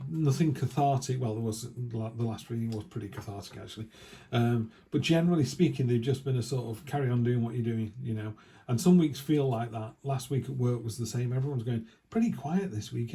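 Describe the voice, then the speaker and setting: Mellow chatty man reading tarot. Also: mid-range voice. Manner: rambling, chatty, restarts and asides. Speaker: tarot reader. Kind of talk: casual weekly tarot reading.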